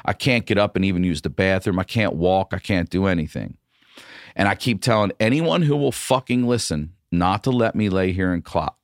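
A man's voice: deep voice, expressive, moderate pace, no echo, clean studio sound. A middle-aged male comedian telling a story in casual, profane chat. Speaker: comedian guest.

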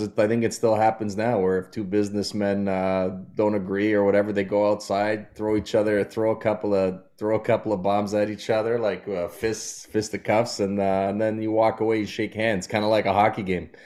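A man's voice: lowish voice, little pitch movement, moderate pace, warm tone. A man guesting as a comedian, telling rambling, self-deprecating stories in casual chat.

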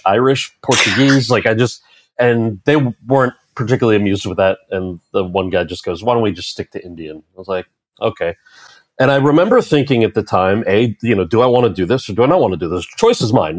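A man's voice: fairly low pitch, no echo. A man in his thirties, an actor telling a story in an interview, acting out the lines of the people in it. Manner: animated storyteller, acts out quoted dialogue. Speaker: actor and author, interview guest.

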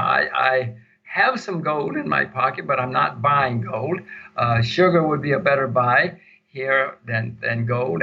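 A man's voice: medium pitch, vocal fry, breathy edge. An older man answering interview questions about investing, emphatic and repeating words for stress. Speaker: guest investor. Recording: dull lo-fi audio.

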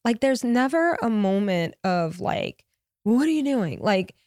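A woman's voice: fairly high pitch, very animated, measured pace, a little mellow, no room sound, clean studio sound. A woman from Louisiana, a podcast guest, speaking in an earnest, heartfelt way in candid conversation. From Louisiana, USA. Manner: earnest, heartfelt, uses "like" often.

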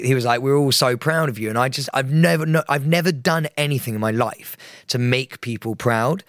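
Casting: young podcast host, rambling and animated, mid pitch, close dry studio sound. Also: male voice, dry recording. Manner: rambling, animated storytelling with many fillers. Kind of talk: casual chat.

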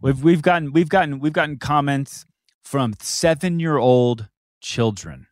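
A man co-hosting a podcast in casual chat, animated and laughing often, repeating words as he gets going. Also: a little high, a little slow, no room sound, studio quality. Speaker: podcast co-host.

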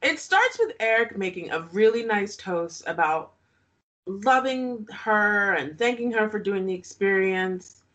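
A woman's voice: medium pitch, animated, unhurried, fairly bright tone. A woman co-hosting a podcast, recapping a reality show in casual chat, often laughing and making sarcastic asides.

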